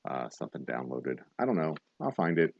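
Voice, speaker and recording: A man hosting a livestreamed bar trivia night, reading questions slowly and joking casually with some swearing. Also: extremely low pitch, very animated, vocal fry, highs cut off, slight background noise. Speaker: trivia host.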